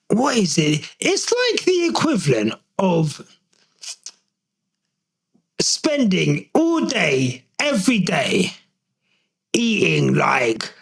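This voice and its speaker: A young man from the UK hosting a solo podcast, talking in an animated, slangy, swear-filled and excitable way. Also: sits high, gravelly, slightly rough, low-quality recording. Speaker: podcast host.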